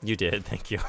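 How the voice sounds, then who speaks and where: A man's voice: sits low, fairly bright tone. A man streaming a game, chatting casually with his viewers and poking fun at himself. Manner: chatty, self-deprecating, reads and answers chat. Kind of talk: casual live-stream chat while gaming.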